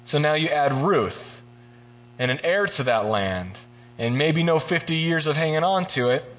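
Man, casual sermon, animated, joking, slightly high-pitched. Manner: animated and joking, acting out characters in quick voices. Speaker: preacher. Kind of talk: casual sermon retelling scripture.

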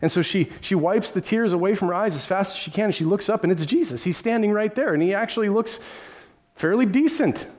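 Brief: male pastor, slightly higher-pitched voice, dramatic sermon storytelling that speaks straight to listeners. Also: lively intonation, fairly quick, darkish tone. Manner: vivid retelling with frequent restarts; addresses listeners directly.

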